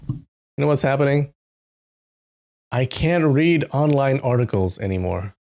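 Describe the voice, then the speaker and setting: A man hosting a live stream, chatting casually with his viewers and greeting them by name. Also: medium pitch. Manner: chatty, greets chat by name, animated asides. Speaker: live-stream host reading a novel.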